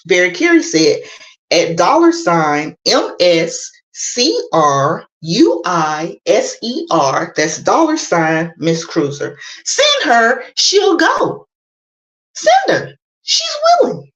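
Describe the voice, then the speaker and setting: A woman calling into a livestream in casual chat, playful and drawn-out in her delivery. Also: on the low side. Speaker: caller joining a livestream. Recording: echoey room.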